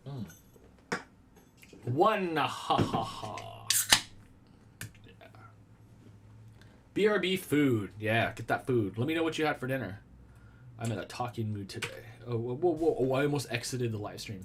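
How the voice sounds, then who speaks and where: A man chats on a live stream from a small room at home. His voice sits at an ordinary middle pitch. He rambles playfully, answers his viewers and makes jokes about himself. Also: animated, unhurried, long pauses, a little hiss or hum. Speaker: vlogger hosting a live stream. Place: small room at home with a red wall and lava lamps.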